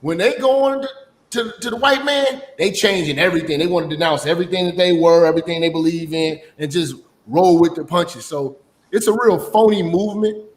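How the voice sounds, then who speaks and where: A man's voice: high-pitched, fairly quick. A man on a panel call, speaking crudely and mockingly in heated opinion talk. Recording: echoey room with long reverb.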